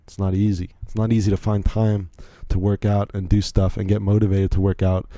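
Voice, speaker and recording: Low, dark-voiced young man rambling. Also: little pitch movement, a little fast, no room sound. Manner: rambling, self-deprecating, many restarts. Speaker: podcast host. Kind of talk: casual monologue.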